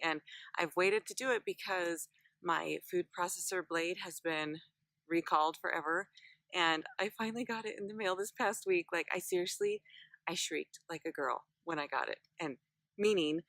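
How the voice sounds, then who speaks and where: A woman's voice: fairly low pitch, bright, forceful tone, dry recording. A woman recipe vlogger talking in a bubbly, chatty way, with lots of fillers, explaining a recipe step by step. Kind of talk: casual cooking chat.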